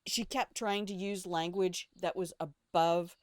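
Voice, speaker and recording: An older woman streaming a game talks in a smooth, clear voice that sits a little low for a woman. She is blunt and opinionated, swears without a second thought, and drifts from one rambling aside to another. The sound is close and dry, with no room echo. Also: fairly even intonation, unhurried. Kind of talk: casual gameplay commentary.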